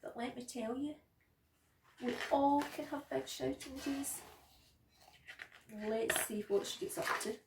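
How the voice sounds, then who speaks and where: A nursery worker reads a picture book aloud, slow and gentle, in a fairly high, gravelly voice. The sound rings off the walls of an echoey room. The mic is set well back from her. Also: distant mic, noisy background. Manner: gentle, expressive, slow and clear for young children. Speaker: nursery practitioner. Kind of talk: children's story reading.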